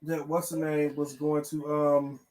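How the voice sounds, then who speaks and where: A woman's voice: sits low, level tone, measured pace, darkish tone, rough recording. A woman co-hosting a casual wrestling aftershow, laid-back, mostly giving brief agreeing replies. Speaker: co-host.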